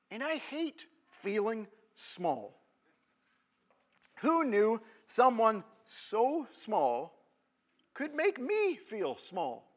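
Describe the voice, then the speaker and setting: Man, 30s, pastor; slow, conversational sermon delivery with a bright tone. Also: extremely high pitch. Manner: conversational, checks in with the congregation often.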